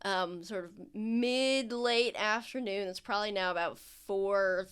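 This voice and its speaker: A woman's voice: mid-range voice, measured pace, a bit bright, clean tone. A woman running a tabletop game as game master, narrating in a rambling, playful way with many fillers.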